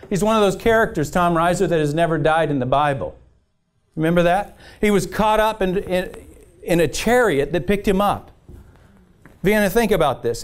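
A male pastor preaching a sermon to a church congregation, calling out for "amen" and retelling scripture as a story with frequent restarts. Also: fairly high pitch. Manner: call-and-response preaching, keeps asking the congregation "amen?". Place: church service.

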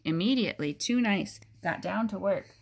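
Woman, storybook reader, animated intonation, expressive, explains to a child. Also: medium pitch, normal speed, creaky. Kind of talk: reading a picture book aloud to a child.

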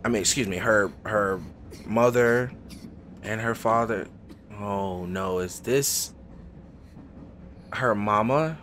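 A man's voice: on the low side, slow, pauses often, a bit bright, a little hiss or hum. A man hosting a let's play, rambling and thinking aloud as he reacts emotionally to the story. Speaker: gaming host.

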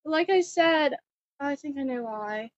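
A young-sounding woman with a high voice vlogs from a bike outdoors. She is jittery and keeps blurting out exclamations. The audio is muffled and lo-fi, picked up by a phone tied to the bike. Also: animated, unhurried, dry recording. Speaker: cosplay vlogger. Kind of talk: casual vlog while riding a bike. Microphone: phone strapped to the bike.

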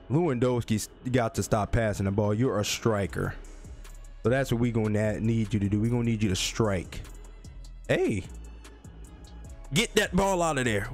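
Animated man trash-talking over gameplay. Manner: animated, trash-talking, jumps into high yelps. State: voice cracking. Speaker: gaming YouTuber. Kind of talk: live gameplay commentary.

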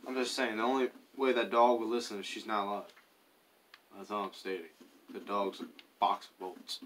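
A man's voice: fairly low pitch, flat delivery, moderate pace, a bit bright, recorded from a distance, slight background noise. A man casually chatting and rambling to himself while playing a survival game, telling offhand stories. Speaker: gaming YouTuber. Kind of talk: casual gameplay commentary.

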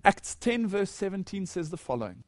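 A man's voice: sits high, very animated, moderate pace, no echo, studio quality. A man giving a Bible teaching lecture, leading listeners through verses and asking questions before he answers them.

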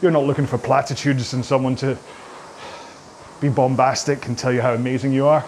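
A man's voice: mid-range voice, little pitch movement, a little fast, a little mellow, a little hiss or hum. A man in his forties with a Scottish accent, coaching a stretching routine in a chatty, joking, self-mocking way. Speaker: indoor rowing coach. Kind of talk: guided stretching class, casual chat.

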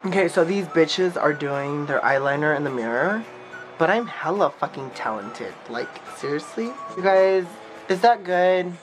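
A man chats rowdily with friends, swearing and laughing, his pitch swooping all over the place. He talks at an unhurried pace, with music playing clearly underneath. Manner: loud, swearing, laughing, shrieks high when excited. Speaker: vlogger. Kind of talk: rowdy casual chat with friends.

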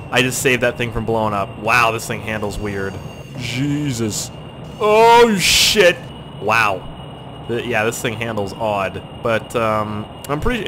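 A man giving excitable let's-play commentary on a flight game, swearing and laughing at his own crashes. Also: medium pitch, slight background noise. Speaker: gaming YouTuber.

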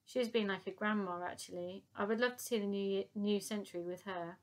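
A woman's voice: mid-range voice, steady tone, a little fast, lightly acted. A woman reading aloud, voicing a young orphan girl who speaks politely and earnestly.

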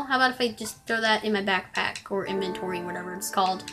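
A woman's voice: medium pitch, fast talker, few pauses, over music. A woman giving rambling, chatty gameplay commentary that breaks into frustrated exclamations. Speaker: gaming video creator.

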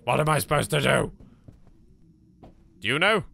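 Brief: English male gamer host, animated and bright, bantering with the game. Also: on the high side, moderate pace, creaky. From England. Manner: animated, jokey, talks to objects, swears. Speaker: let's play host. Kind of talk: casual gameplay commentary.

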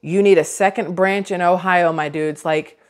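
A woman's voice: on the low side, steady tone, moderate pace. A woman, giving casual vlog commentary in a chatty, sarcastic, rambling way full of restarts. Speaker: vlogger.

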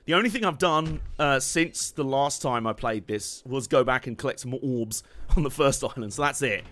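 A young man giving casual, excitable gameplay commentary, laughing, swearing and humming along as he plays. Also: medium pitch, normal speed. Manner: excitable, laughing, swearing, hums tunes while playing. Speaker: game streamer.

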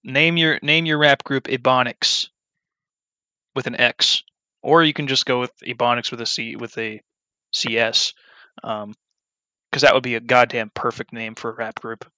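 A young man talking casually in a rambling way while modding a game, full of fillers and restarts, now and then flaring into a loud rant. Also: mid-range voice, steady tone, moderate pace, clean tone, no echo, dull audio. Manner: meandering, many fillers and restarts, flares into loud ranting. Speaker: video creator modding a game. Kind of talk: rambling off-topic commentary.

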